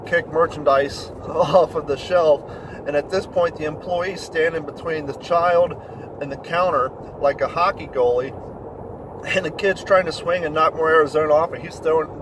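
A man telling a story in a blunt, profane rant, getting louder when indignant. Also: a little high, background noise. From Kentucky, USA. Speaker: vlogger. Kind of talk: ranting storytelling monologue.

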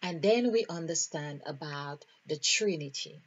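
A woman teaching a spiritual numerology lesson, thinking aloud in a deliberate, musing way as she counts out numbers. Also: low-pitched, lively intonation, slightly rough. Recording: dull lo-fi recording.

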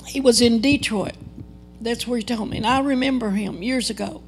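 A woman's voice: fairly high pitch, normal speed, faint music behind. An older woman giving an earnest, dramatic testimony sermon at a church service, acting out quoted dialogue as she tells the story. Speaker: guest preacher.

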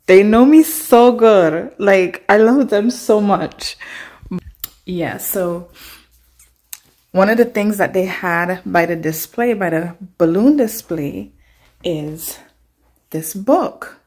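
A woman's voice: on the low side, takes it slowly, pauses often, darkish tone. A young woman vlogging casually to her phone camera, chatty and emotional, talking straight to her viewers. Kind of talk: casual vlog talk to camera.

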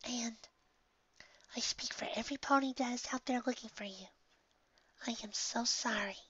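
A woman voicing a soft, breathy, motherly pony. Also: on the high side, moderate pace, dull audio, voice pushed up. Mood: tender, tearful. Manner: soft, breathy, near-whispered. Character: gentle, motherly female pegasus pony.

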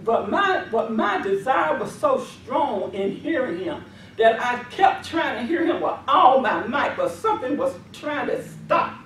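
A woman's voice: sits high, very animated, a little slow, slight background noise. A woman minister giving a testimony and then leading a deliverance prayer with fervent, repetitive commanding cries. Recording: echoey hall from far off.

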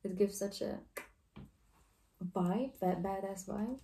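A woman's voice: medium pitch, takes it slowly, mellow, far from the mic, a little hiss or hum. Gushing woman reacting, echoey and off-mic. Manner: gushing, exclamatory, loose informal phrasing. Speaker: reaction video host. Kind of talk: casual music video reaction.

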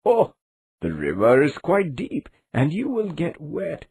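A woman's voice: low-pitched, wildly swooping pitch, slow pace, a little mellow, slightly rough, pitched above the performer's own voice, heavily acted. A woman voicing a sly male fox who coaxes in a falsely kind way. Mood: coaxing.

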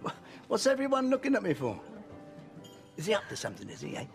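An actor playing a blustering older uncle hosting a family meal, with an exasperated manner. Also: male voice, high voice, wildly swooping pitch, fast, vocal fry, faint music behind, full character voice. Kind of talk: TV soap drama acting.

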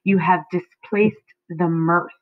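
A woman teacher reading aloud as Lady Macbeth, a frustrated and commanding queen, in a slow, firm voice. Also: on the low side, steady tone. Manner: reads slowly and firmly. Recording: dry, tinny phone-like sound.

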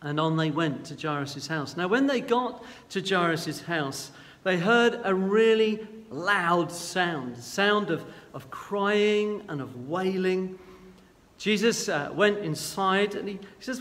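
Man, guest preacher, earnest and gentle, halting, slightly high voice, long hall reverb. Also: animated. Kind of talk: sermon retelling a Bible story.

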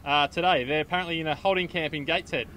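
Aussie bloke doing jokey street interviews outdoors, bright punchy voice, a little hiss behind. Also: male voice, a little high, steady tone, racing, rough recording. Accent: Australian. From Australia. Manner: cheery, mock-earnest questioning of passers-by. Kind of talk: jokey roving vox-pop reporting.

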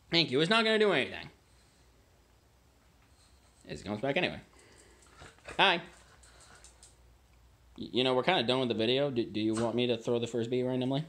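A man's voice: medium pitch, fairly bright tone. A man hosting a casual home video, tasting wine and chatting to his dogs between remarks. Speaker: amateur wine vlogger.

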